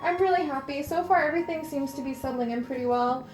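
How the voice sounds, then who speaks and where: A woman's voice: high-pitched, fast talker, darkish tone, slight background noise. A woman vlogging in a casual, chatty and enthusiastic way, with lots of "like" fillers. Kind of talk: casual chat.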